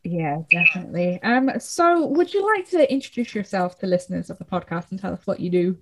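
A woman's voice: on the low side, big pitch swings, fairly quick, fairly bright tone. A woman, hosting a casual podcast interview in a chatty way and laughing often. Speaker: podcast host.

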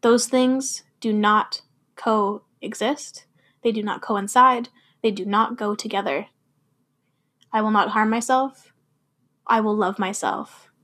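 A woman's voice: medium pitch, fairly even intonation, takes it slowly, long pauses, a bit bright. A woman hosting a personal talk about quitting alcohol, speaking emphatically and repeating firm affirmations. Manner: emphatic, repetitive affirmations, swears freely. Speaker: podcast host. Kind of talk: personal sobriety talk with spoken-word poem.

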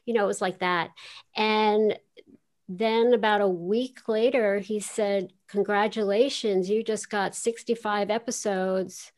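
A woman's voice: mid-range voice, steady tone, unhurried, a little mellow. Chatty older woman voice actress. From New York (Queens). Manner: chatty, anecdotal, laughs easily. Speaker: voice actress guest. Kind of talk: casual interview, storytelling.

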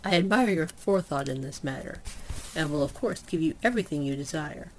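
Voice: mid-range voice, expressive, fairly quick, slight background noise, natural voice, rough recording. A reader voicing a gracious, weary noble elf lady who speaks in formal, courtly phrases, read aloud from a storybook. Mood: courteous.

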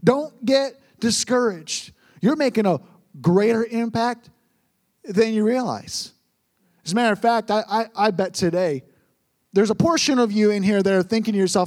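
A man's voice: high-pitched, animated, moderate pace, darkish tone. A young man preaching as pastor, earnest and storytelling, often repeating words for emphasis. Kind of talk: sermon.

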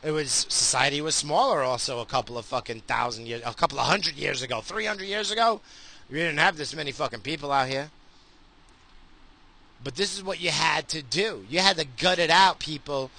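Brisk and sharp-toned, with a voice a little on the high side, a middle-aged solo podcaster rants profanely while driving. He's crude and heated, swearing freely and restarting frequently.

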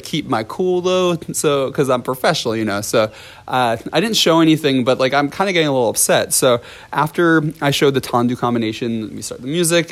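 A young man, a ballet teacher, telling a story from his class in a casual, rambling way with many fillers and restarts. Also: mid-range voice.

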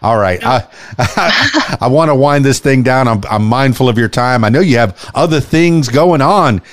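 A man's voice: mid-range voice, expressive, normal speed, no echo. A man hosting a podcast interview, talking in a folksy, rambling way and repeating words. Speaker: podcast host. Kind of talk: casual interview chat.

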